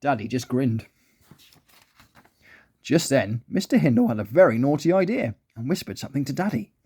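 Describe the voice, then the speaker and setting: Animated storyteller man. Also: medium pitch, moderate pace, breathy edge. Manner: animated, expressive. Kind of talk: children's story reading.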